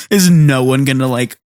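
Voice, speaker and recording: A man's voice: mid-range voice, a little mellow. A man co-hosting a casual anime podcast, rambling through episode recaps with lots of fillers and playful character impressions. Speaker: podcast co-host.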